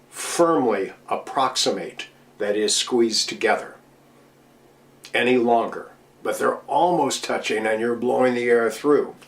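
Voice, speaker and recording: A middle-aged man teaching voice technique, explaining patiently and demonstrating with his own voice. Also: medium pitch. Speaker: voice coach speaking to DJs. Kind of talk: instructional talk at a virtual convention.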